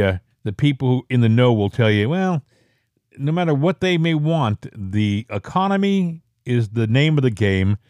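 Clean studio sound with no room echo captures this man's slightly mellow voice. Co-hosting a political talk show, he chats casually but delivers strong, emphatic opinions, pushing his pitch up to drive points home.

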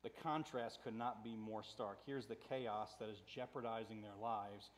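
An American man preaching a sermon, telling a story with animated swings between loud quoted lines and hushed asides, laughing often. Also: mid-range voice, unhurried, a little hiss or hum. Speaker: pastor.

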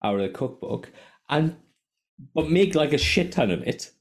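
With a fairly high, husky voice and a moderate pace, a man hosts a laid-back podcast. He narrates stories with energy, curses constantly, and laughs a lot.

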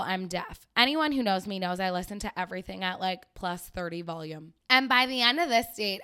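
Young woman, podcast host, bright voice, sarcastic casual storytelling. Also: medium pitch, smooth. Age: young adult. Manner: chatty, sarcastic, laughs often.

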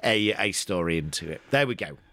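Dry, close, low-voiced man chatting. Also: expressive, a little fast, fairly bright tone, no room sound. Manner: reads out odd news items with chatty asides. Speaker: podcast co-host. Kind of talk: casual chat.

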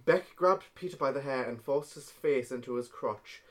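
A man's voice: mid-range voice, normal speed. A man with a Northern English accent reads a story aloud on a casual podcast. He moves through the narration steadily and breaks off to banter with his co-hosts. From Hartlepool, England. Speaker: podcast host reading fan fiction aloud.

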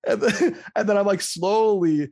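Gravelly, swearing podcast host, dry close sound, rambling storyteller. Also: male voice, high-pitched, measured pace, no echo. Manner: profane, rambling, animated storyteller. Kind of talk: casual storytelling chat.

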